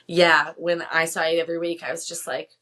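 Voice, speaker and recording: Podcast guest, woman, Massachusetts accent, eager, teasing, lowish voice. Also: level tone, bright, forceful tone. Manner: enthusiastic, teasing, quick to laugh. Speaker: guest, whale conservationist. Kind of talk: casual interview chat.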